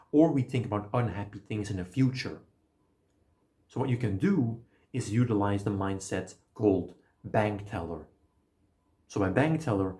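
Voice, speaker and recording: A man giving a casual, energetic motivational talk, explaining ideas and swearing now and then. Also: lowish voice. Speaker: self-help video creator.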